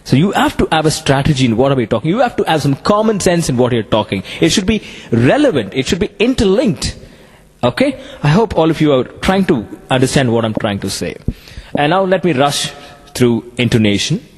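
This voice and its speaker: Lively Indian English lecturer in a hall. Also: male voice, a little high, a little fast, slightly rough. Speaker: communication skills trainer. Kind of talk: classroom lecture.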